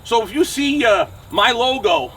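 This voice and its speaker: A man's voice: very high voice, expressive, unhurried, a bit bright, slightly rough, distant mic. A man in his forties with a New Jersey accent, ranting angrily and bluntly to camera outside his truck shop, swearing and punctuating with "okay?" and "right?". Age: 40s. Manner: angry, profane, blunt, keeps asking "okay?" and "right?". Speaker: trucking channel host. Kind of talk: angry to-camera rant.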